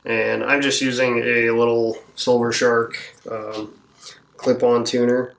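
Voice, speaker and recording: A man who builds guitars walks through a setup at his workbench, relaxed and thinking aloud as he works. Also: mid-range voice, takes it slowly, vocal fry. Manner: relaxed, thinking aloud while working, with fillers. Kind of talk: hands-on instructional walkthrough.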